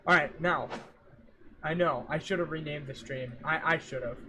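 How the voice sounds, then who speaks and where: A young man talks on a livestream in a loose, rambling way, cracking jokes and talking to himself and his chat. His voice sits a little higher than most men's. A fan hums faintly behind his home mic. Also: normal speed, background noise. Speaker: streamer. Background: fan running.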